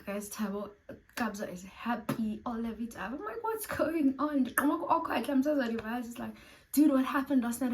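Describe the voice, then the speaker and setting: A woman's voice: a little high, rough recording. A young South African woman from Cape Town tells a storytime vlog casually, bluntly and with lots of animation, swearing and acting out what people said. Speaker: storytime vlogger.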